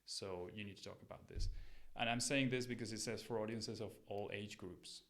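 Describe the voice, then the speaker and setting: Guy reviewing people's podcasts, lowish voice with a bit of fry, friendly and straight to the point. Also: steady tone, moderate pace, a bit bright. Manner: friendly, direct coaching advice. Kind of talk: casual feedback on listener podcasts.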